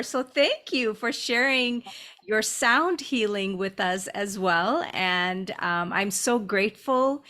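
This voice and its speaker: A woman's voice: a little high, lively intonation, slow. A woman hosting a podcast interview, talking in an effusive, casual way with lots of fillers. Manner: warm and effusive, many fillers. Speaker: podcast host.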